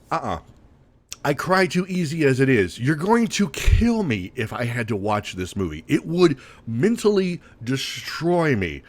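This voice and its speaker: Animated man ranting on a podcast. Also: mid-range voice. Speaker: podcast host. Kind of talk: casual rant.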